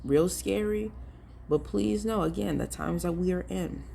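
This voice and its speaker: Ministry vlogger, gravelly, dark warm tone, earnest, pleading, talks straight to viewers. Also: medium pitch, a little slow, a little hiss or hum. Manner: casual and direct, addressing viewers as y'all. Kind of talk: preachy vlog commentary.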